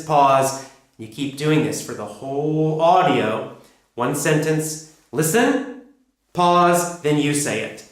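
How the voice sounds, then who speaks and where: Male English teacher, emphatic coaching delivery, slightly high, heavy room echo. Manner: energetic, emphatic, repetitive coaching. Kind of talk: instructional explanation. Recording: very echoey room.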